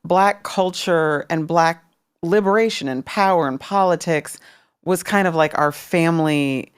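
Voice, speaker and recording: A woman's voice: on the low side, a little slow, clear, resonant tone, no echo, studio quality. A woman in her fifties from Washington, D.C., talking candidly and thoughtfully as an interview guest. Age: 50s. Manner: reflective, candid. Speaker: interview guest, former music executive. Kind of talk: casual interview.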